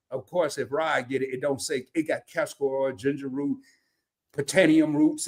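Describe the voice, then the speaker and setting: A man hosting a comedic casual chat, telling animated stories and laughing often. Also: on the high side, normal speed, slightly rough. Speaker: host.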